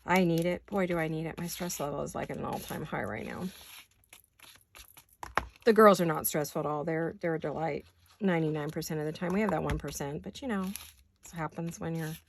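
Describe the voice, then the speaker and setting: An older woman who is hoarse today, chatting casually while she crafts in her home studio and thinking aloud in wandering asides. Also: low voice, a little fast, a little hiss or hum. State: hoarse, deep voice. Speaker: craft vlogger.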